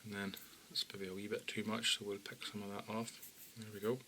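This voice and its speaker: Calm man giving fly-tying steps. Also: fairly quick, background noise. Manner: calm, plain instructions, often low and quiet. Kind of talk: step-by-step tutorial narration.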